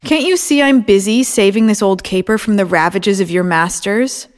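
A wild, defiant old crone, as a woman reader puts her on, spitting scorn at those who cross her. Her talk is vulgar and sharp-edged, close to the reader's own voice in a storybook reading. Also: mid-range voice, moderate pace, natural voice. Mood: scornful. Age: older. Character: fierce, foul-mouthed old village woman.

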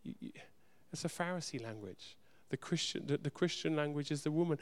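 A man preaching a sermon, speaking earnestly and directly to his congregation, swinging from loud urgency to soft hushed moments. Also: on the high side, fairly quick, few pauses. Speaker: pastor.

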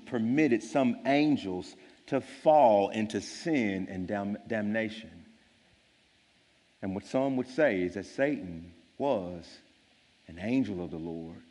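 A man's voice: fairly low pitch, darkish tone, long reverb tail. A man preaching a sermon as a pastor, telling a story in an earnest, emphatic way.

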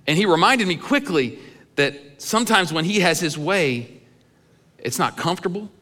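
A man's voice: high-pitched, expressive, moderate pace, bright, forceful tone, in a large hall. A middle-aged male pastor preaching in a church sanctuary, telling candid personal stories in a conversational way with some humor. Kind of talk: sermon.

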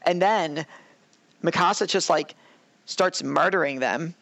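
A young man co-hosting a casual chat, ranting in an animated way and acting out characters' lines. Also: a little high, takes it slowly, vocal fry, dry recording. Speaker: podcast co-host. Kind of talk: casual anime review chat.

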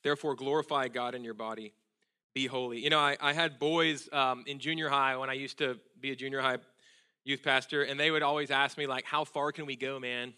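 A man in his thirties preaching a sermon in a church, telling stories with earnest feeling and dropping to a hushed intensity. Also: mid-range voice, steady tone, fairly quick, clean tone. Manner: earnest, emotional storytelling, drops to hushed intensity. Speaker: pastor. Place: church sanctuary.

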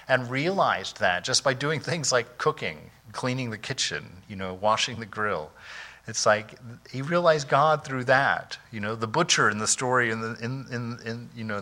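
Bright-voiced monk giving an animated talk. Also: male voice, medium pitch. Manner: animated and conversational, often saying 'you know' and laughing. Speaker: monk and spiritual teacher. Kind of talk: informal spiritual talk.

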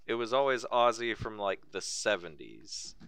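Deep-voiced man swearing on a podcast. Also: very animated, moderate pace, a bit bright, clean tone, dry recording. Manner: laid-back, swears casually. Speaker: podcast co-host. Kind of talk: casual podcast chat.

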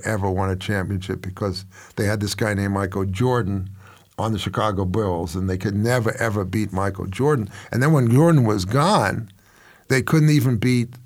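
An older man in his seventies hosting a commentary show, telling stories in a rambling, wry and self-mocking way. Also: lowish voice. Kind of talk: casual storytelling commentary.

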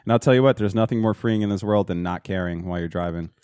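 A man's voice: sits low, fast, a little mellow, clear, resonant tone, dry recording, clean studio sound. A man in a crude, casual podcast chat, rambling through profane stories and laughing at his own jokes.

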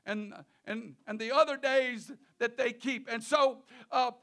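A male preacher delivering a sermon in a halting way, often repeating words and restarting, with chuckles between phrases. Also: very high voice, steady tone, pushed and bright.

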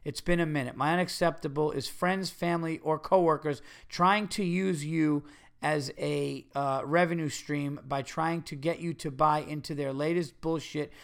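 A middle-aged man hosting a podcast, telling a story in a casual monologue and slipping into loud, profane rants. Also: fairly high pitch, moderate pace, creaky. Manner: animated storytelling, rants with heavy swearing. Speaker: podcast host.

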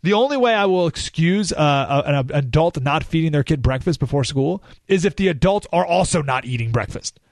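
A man's voice: fairly high pitch, animated, a little fast, few pauses, no echo, clean studio sound. Emphatic male talk radio host. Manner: emphatic, ranting, sarcastic asides. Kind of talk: political talk radio monologue. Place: radio studio. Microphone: studio microphone.

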